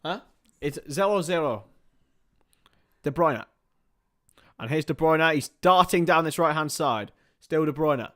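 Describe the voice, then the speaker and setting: A man hosting a live football watchalong stream, swinging between excitable play-by-play and chatty asides with casual swearing. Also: fairly high pitch, unhurried, long pauses. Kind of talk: casual live match commentary.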